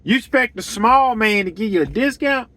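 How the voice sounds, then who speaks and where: Blunt, bright-voiced man giving business talk. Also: sits high, lively intonation, moderate pace, no echo. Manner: blunt and emphatic, repeats his points. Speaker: lawn care business owner. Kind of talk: straight-talking business advice monologue.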